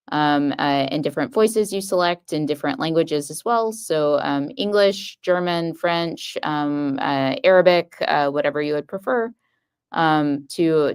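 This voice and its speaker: A woman's voice: low voice, clear, resonant tone. A woman speaking as a guest expert on a live coding stream, hesitant and thinking aloud. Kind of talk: live coding demo, casual.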